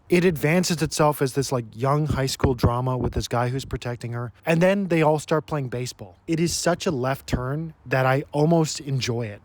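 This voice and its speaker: A man's voice: mid-range voice, no room sound. A young man giving a casual, sarcastic comedic book review, often laughing at his own jokes. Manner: sarcastic, mocking, frequent laughter.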